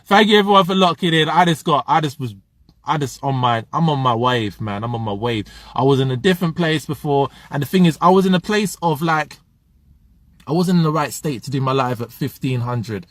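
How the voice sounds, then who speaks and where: High-voiced passionate motivational man. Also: expressive, brisk, no room sound. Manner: passionate, preachy, reads viewer comments aloud. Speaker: motivational live streamer. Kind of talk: motivational livestream talk.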